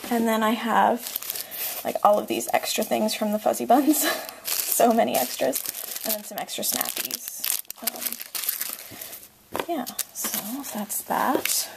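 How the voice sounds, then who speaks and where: Young woman, out of breath, fairly high voice, gravelly fry, chatty ums, home vlog tour. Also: slow, pauses often, noisy background. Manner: chatty, lots of ums and likes, trailing off. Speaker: vlogger. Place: nursery in a home, moving around.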